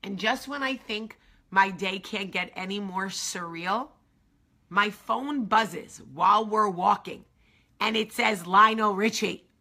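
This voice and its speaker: A woman hosting a vlog tells a story to her viewers in a lively, chatty way, swearing freely as she goes. Her voice is bright and forceful, with a gravelly, husky edge and plenty of vocal fry. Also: medium pitch, slow. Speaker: vlog host. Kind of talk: casual storytelling to camera.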